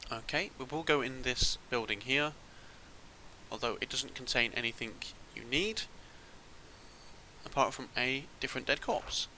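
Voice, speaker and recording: A man's voice: mid-range voice, measured pace, pushed and bright, slight background noise, poor audio. A man giving casual gameplay commentary as a channel host, thinking aloud and rambling with restarts.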